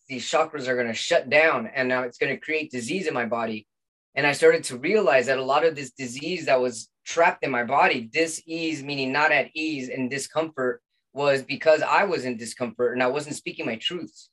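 A man's voice: mid-range voice, fairly quick, fairly bright tone. A middle-aged man, a podcast guest, telling his personal story in an earnest, heartfelt way, restarting his phrases often.

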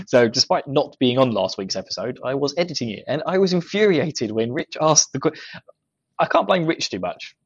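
A man's voice: medium pitch, expressive, moderate pace, breathy edge, no room sound. British guy cohosting a podcast, jokey, keeps laughing, kinda muffled dry mic. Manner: laughs often, joking. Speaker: podcast co-host and editor. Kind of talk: casual banter.

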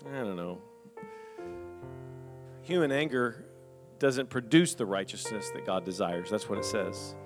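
A man preaching a lively sermon in a church. He reads scripture aloud and breaks into humorous asides to the congregation. A faint instrument plays softly behind him. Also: fairly low pitch, a little slow, pauses often, soft background music. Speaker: pastor.

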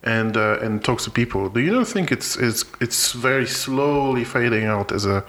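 Halting, word-searching male podcast co-host. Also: mid-range voice, animated, a bit bright. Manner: halting, repeats words while searching for phrasing. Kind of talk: casual chat.

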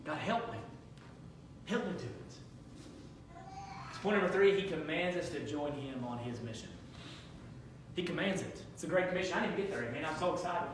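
A man in his thirties preaching a sermon to his church, moving from conversational talk to shouted exhortation. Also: on the high side, expressive, fairly quick, heavy reverb, far from the mic, a little hiss or hum, rough recording. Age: 30s. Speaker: pastor. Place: church sanctuary.

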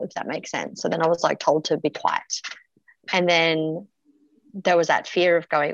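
Frank, gravelly-voiced woman telling her story. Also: low-pitched, moderate pace, dull audio. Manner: frank, swears freely, many fillers and restarts. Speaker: podcast guest. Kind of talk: candid personal storytelling.

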